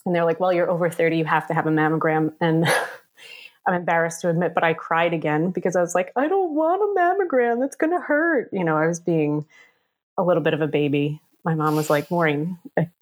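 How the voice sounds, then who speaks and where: A woman's voice: deep voice, level tone, fairly quick. A woman in her thirties telling a personal story in a casual, chatty way, with many fillers, acting out the voices of the people in it. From New York area. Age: 30s.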